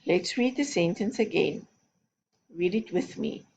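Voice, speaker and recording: A woman's voice: fairly low pitch, a little slow, darkish tone, muffled recording, slight background noise. A woman teaching a recorded phonics lesson to young children, giving patient, step-by-step instructions. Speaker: primary school teacher.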